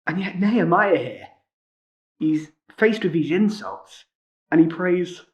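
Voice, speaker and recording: A man's voice: fairly high pitch, big pitch swings, takes it slowly. Conversational man preaching a sermon. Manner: conversational, with frequent rhetorical tag questions. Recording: muffled lo-fi recording.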